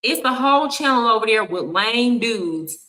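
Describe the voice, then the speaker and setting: Sassy Texan woman streamer, bright voice. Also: on the high side, expressive, moderate pace, poor audio. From Texas. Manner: blunt, sassy, talks straight to viewers. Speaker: streamer reacting to clips. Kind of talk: live reaction commentary.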